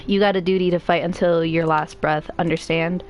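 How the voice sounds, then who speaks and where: A tough, foul-mouthed old grandmother, as a woman reading aloud puts her on, gruff and full of thick rage. Her voice sits a little low, and soft music plays faintly behind her. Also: steady tone, a little fast, lightly acted. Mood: stern tender.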